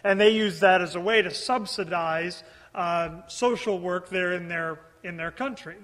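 A man's voice: high-pitched, measured pace, a bit bright, long reverb tail. A man preaching a verse-by-verse sermon, reading scripture aloud and then explaining it in earnest, often repeating words as he builds his points. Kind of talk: expository sermon.

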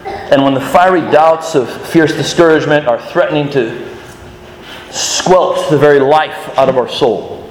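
High-voiced preacher in an echoey hall. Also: male voice, measured pace. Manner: animated, questioning the audience, restarts. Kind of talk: sermon to children. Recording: echoey hall with faint noise.

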